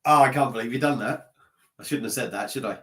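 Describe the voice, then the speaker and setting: A man with a slightly blocked nose rambles through a relaxed live stream from his desk at home. He laughs at himself, trails off and restarts often, and talks into a laptop mic. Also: mid-range voice, fast talker. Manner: rambling, self-mocking, chatty, reading out comments. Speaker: beer vlogger live-streaming. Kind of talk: casual live-stream chat.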